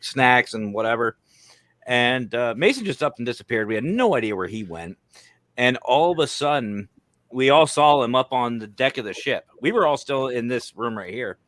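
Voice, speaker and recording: A man, a guest paranormal investigator, chatting on a video call in an animated, joking way. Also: medium pitch, dry recording. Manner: animated, laughing, jokey. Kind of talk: casual video chat.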